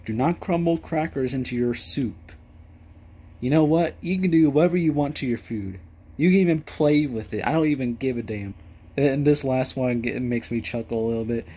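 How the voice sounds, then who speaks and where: A young man reads etiquette rules aloud and mocks each one with crude, rambling sarcasm. His voice sits at an ordinary middle pitch. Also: moderate pace, warm tone, breathy edge. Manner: mocking, profane, rambling. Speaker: video host. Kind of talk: sarcastic reading and commentary.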